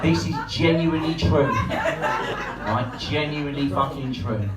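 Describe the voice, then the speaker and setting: A man's voice: a little high, measured pace, a loud crowd. A man in his forties from England doing a profane, rambling, self-mocking stand-up set. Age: 40s. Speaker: stand-up comedian. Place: comedy club stage before a live audience. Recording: roomy live hall from far off, music behind.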